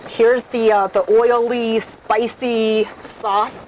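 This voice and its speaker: A chatty woman with a fairly high voice hosts a relaxed live meal, laughing and talking while she eats. The sound is a little dull, with faint noise behind her. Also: slow pace. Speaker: host. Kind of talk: casual live food chat. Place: indoors at a restaurant table.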